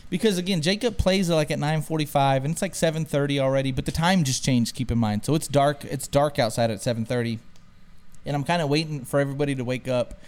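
A young man chatting casually on a podcast, slightly high in pitch. He tells stories with lively energy and acts out what others said. He keeps calling his listener "dude.". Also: quick pace. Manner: animated storyteller, says "dude" a lot, acts out quotes. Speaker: podcast host. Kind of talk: casual chat.

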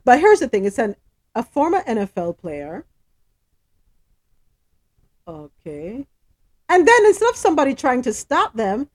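A woman hosts a casual news program, moving between reading stories and giving her own emphatic commentary. Her pitch swoops widely as she talks. She often leans on rhetorical questions to drive her point home. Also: huge pitch swings, measured pace, long pauses. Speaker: host.

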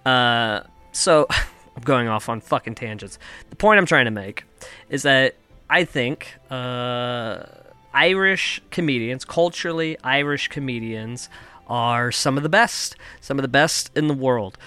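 A man's voice: mid-range voice, measured pace, bright, forceful tone, clean tone, faint music behind. A young adult man from Kansas hosting a comedy podcast from his basement, rambling through a profane, self-mocking monologue. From United States (Kansas). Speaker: podcast host. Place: home basement.

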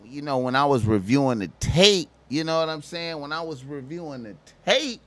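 A man talking on his own in a casual, slangy monologue, swearing, repeating phrases and now and then shouting in voices he mimics. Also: on the high side, animated, normal speed. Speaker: commentator.

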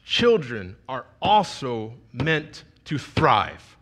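A man's voice: mid-range voice, sing-song, extremely slow, a bit bright. A young man giving a sermon as a youth pastor, telling a personal story in a conversational, emotional way with frequent restarts.

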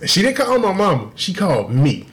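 A young man tells a story on a casual podcast, full of swearing, and laughs through his own punchlines. His voice sits fairly high and swoops widely as he tells it. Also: wildly swooping pitch, fairly quick, a bit bright. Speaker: podcast co-host.

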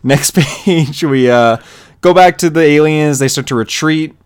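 A man's voice: unhurried, clean tone. A man co-hosting a podcast, eagerly recapping a comic issue and playing out the characters' lines in a raised voice. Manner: excited retelling, acts out character lines in a higher voice. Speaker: podcast co-host. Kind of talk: casual comic book chat.

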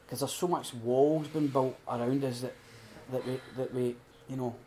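A middle-aged man giving an earnest, heartfelt talk at a recovery retreat. He swings between loud emphasis and hushed, prayerful quiet. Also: medium pitch, fairly even intonation, normal speed, slight background noise. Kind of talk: informal sermon talk.

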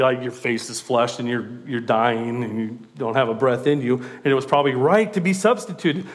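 A male preacher delivers a sermon at a middle pitch. He talks conversationally and with animation, breaking in with self-deprecating asides. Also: fairly quick, few pauses.

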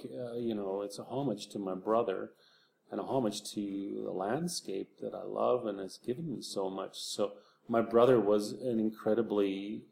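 A man, an author, speaking reflectively in an interview, soft-spoken and halting with frequent restarts. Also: fairly low pitch, gravelly, a little hiss or hum.

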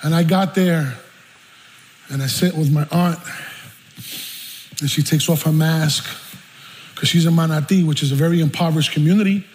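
A high-pitched man preaches an animated, emotional personal story. His voice carries into a large church with a long echo. A faint hum of the room sits under him. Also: normal speed, pauses often. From South Bronx, New York. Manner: animated, emotional storytelling with bursts of laughter and shouting. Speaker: pastor. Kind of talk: storytelling sermon.

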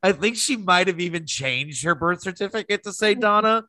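Bright-voiced man laughing through stories. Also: sits high, lively intonation, normal speed, no room sound. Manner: giggly, storytelling, lots of laughing. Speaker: podcast co-host. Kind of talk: casual chat.

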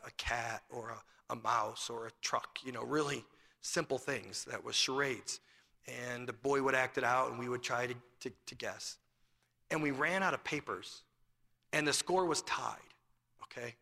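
A man's voice: mid-range voice, steady tone, moderate pace, creaky, sharp tone, long reverb tail. A male pastor preaching a sermon, asking rhetorical questions and telling a family story.

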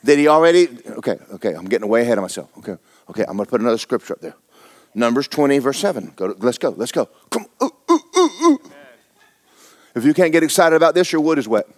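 Speaking very fast and expressively, a pastor gives a sermon in which he reads and performs scripture. He hurls questions at the congregation and veers between low asides and booming exclamations.

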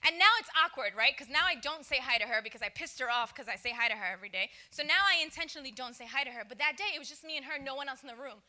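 A woman in her thirties talking casually to young people, telling stories with animated quoted dialogue and frequent laughs. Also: sits high, very fast, hardly any pauses. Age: 30s. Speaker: youth speaker.

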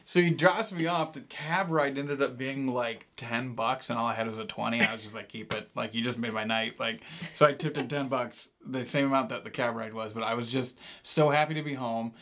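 A man in his thirties, a podcast co-host, telling a long story casually, animated and full of "like". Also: medium pitch, fairly quick. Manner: animated, rambling with lots of "like".

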